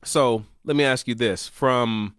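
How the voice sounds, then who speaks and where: Casting: male host, smooth clear voice, dry booth sound, easygoing and filler-heavy. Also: mid-range voice, unhurried, a bit bright, no echo. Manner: conversational, agreeable, filler-heavy. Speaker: interview host. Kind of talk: casual interview talk.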